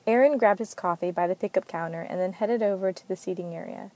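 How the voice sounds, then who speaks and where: A woman narrating an amateur story reading in a steady, plain manner. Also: medium pitch, fast.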